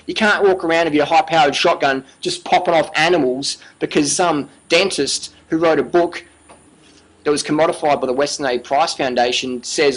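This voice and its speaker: A man's voice: a little high, normal speed, rough recording. A man giving an emphatic, passionate monologue as a vlogger, repeating himself, swearing freely and often asking "you know what I mean".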